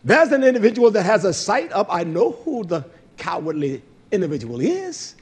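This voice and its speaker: A man preaching a fervent, scolding sermon, swinging between loud bursts and low murmurs and calling out hallelujah. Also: big pitch swings, moderate pace, husky.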